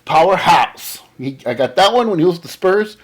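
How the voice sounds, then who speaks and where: Man, husky voice, lively swooping pitch, excited rambling collector chat. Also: normal speed. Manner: enthusiastic, rambling, says awesome a lot. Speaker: comic and card collector vlogger. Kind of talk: casual haul show-and-tell.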